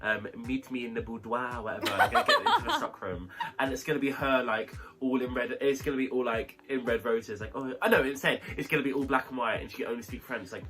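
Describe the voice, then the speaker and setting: Lively, gossipy rambling storyteller. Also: medium pitch, fast, over music. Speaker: podcast co-host. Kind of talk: casual chat reviewing a show.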